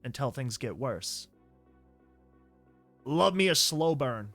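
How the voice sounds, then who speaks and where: A man's voice: mid-range voice, expressive, slow, fairly bright tone, faint music behind. A young man narrating a comic dub and chatting casually between panels, joking and saying "like" often. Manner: chatty, joking, many likes.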